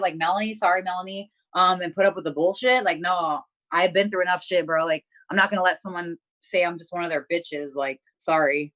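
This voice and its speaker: A woman's voice: on the low side, fairly even intonation, fairly quick, few pauses, a bit bright. A young woman talking as an interview guest, telling a story bluntly with lots of swearing and filler words. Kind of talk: casual chat.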